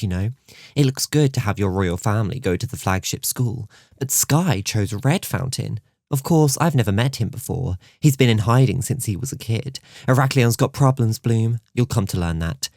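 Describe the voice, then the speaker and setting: Man doing a high, gushing princess, vain and flirty, lively swoops, dry close sound, audiobook reading. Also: moderate pace, vocal fry, no room sound. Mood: gossipy. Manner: gushing, theatrical.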